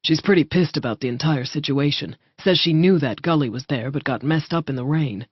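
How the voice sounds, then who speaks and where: Audiobook casting: rough, low-voiced wolf-shifter brother, blunt and foul-mouthed, as a woman narrator plays him, dry and a bit muffled. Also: a little fast, no echo. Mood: gruff. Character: gruff male wolf-shifter soldier, protective brother.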